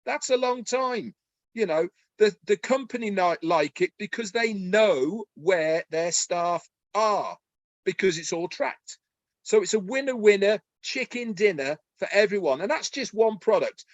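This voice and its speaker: A man with a high, bright voice, talking with eager excitement as he co-hosts a webinar. He speaks in a folksy way and keeps asking rhetorical questions. The sound is close and dry, with no room around it. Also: measured pace, no echo, dull audio. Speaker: webinar co-host. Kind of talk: enthusiastic promotional webinar talk.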